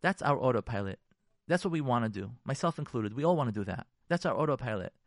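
A man's voice: mid-range voice, animated, quick pace, no room sound, clean studio sound. A man, a rabbi, giving an emphatic radio talk on marriage. He repeats key phrases for force and drops Hebrew and Yiddish terms. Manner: emphatic and repetitive, preacherly.

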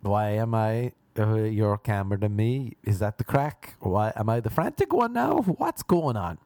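A man's voice: lowish voice, big pitch swings, a little slow, a little mellow, no echo, clean studio sound, voice pushed down. An Irish man playing a naive, easily led young man who talks in a baffled, frantic way.

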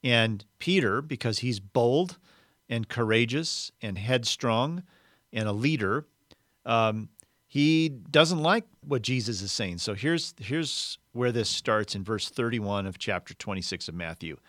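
A man's voice: mid-range voice, animated, measured pace, a bit bright, no room sound, clean studio sound. A man preaching a sermon, explaining a Bible passage in a conversational teaching manner.

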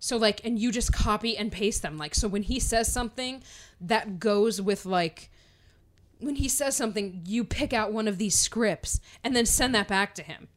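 A woman's voice: medium pitch, moderate pace. A woman co-hosting a casual podcast, teasing and laughing, saying "like" often. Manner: giggly, teasing, says "like" often. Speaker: podcast co-host.

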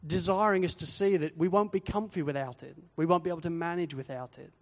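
High-voiced preacher in a reverberant hall. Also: male voice, fast. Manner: lively, acts out quoted voices. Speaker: pastor. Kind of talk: sermon.

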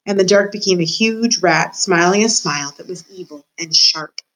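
A woman teacher reading a children's book aloud to her class, warm and expressive in her storytelling. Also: fairly low pitch, moderate pace, poor audio.

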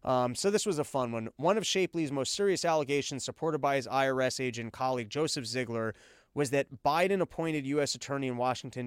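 A man's voice: mid-range voice, clear, resonant tone, no echo, studio quality. A man hosting a political podcast, reading news items and riffing on them in an irreverent, sarcastic, rambling way. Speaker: podcast host. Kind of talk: casual political commentary.

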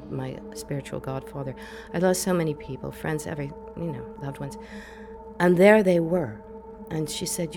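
A middle-aged woman with a low, gravelly voice recounts her own story in an interview. She talks earnestly and reflectively and often repeats phrases for emphasis. Music plays clearly beneath her voice. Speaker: psychotherapist guest. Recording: music playing under the voice.

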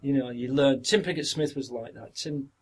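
An older man with a Yorkshire accent recalls his acting work in a relaxed interview. His voice is husky and mid-pitched. He rambles, repeats words, and briefly acts out other people's lines. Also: normal speed, poor audio. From Yorkshire, northern England. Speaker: actor, podcast guest. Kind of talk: anecdotal interview reminiscence.

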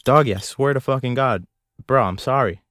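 A man's voice: medium pitch, normal speed, fairly bright tone. A young man hosting a solo podcast from a closet, rambling in a profane, self-mocking, jokey way. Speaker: podcast host. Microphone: close studio mic.

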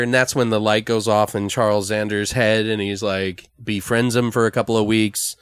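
A man's voice: fairly low pitch, flat delivery, moderate pace, hardly any pauses, clear, resonant tone, dry recording, studio quality. A man casually brainstorming a story on a podcast, rambling with lots of fillers and swearing. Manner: rambling, profane, full of fillers. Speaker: podcast co-host.

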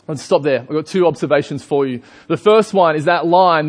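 A man's voice: a little high, brisk, few pauses. A young Australian man preaching a sermon in a casual storytelling way, with lots of fillers and asides to the congregation. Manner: chatty storytelling with frequent fillers.

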